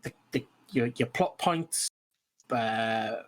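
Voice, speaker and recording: Male podcast co-host, mid-pitched voice, halting casual chat about tabletop games. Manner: hesitant, many fillers and restarts.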